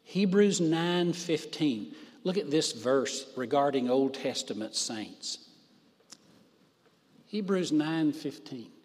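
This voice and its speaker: A man preaching a sermon in a slightly high voice, leaning hard on key words. He talks very slowly and stretches his phrases out for emphasis. His voice rings with the long reverb of a large hall. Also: lively intonation, a little mellow. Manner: emphatic, drawn-out phrases for stress.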